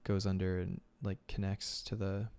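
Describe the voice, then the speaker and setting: A man chatting casually as he sketches on a live stream, relaxed and rambling, with lots of "like"s and filler words. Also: low voice, moderate pace, vocal fry, clear, resonant tone. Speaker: illustrator streaming his sketching. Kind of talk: casual chat while drawing on stream.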